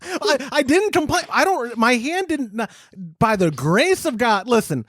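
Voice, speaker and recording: High, animated man hosting a chat. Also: measured pace, dry recording, studio quality. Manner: animated, joking storyteller. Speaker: podcast host. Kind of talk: casual chat.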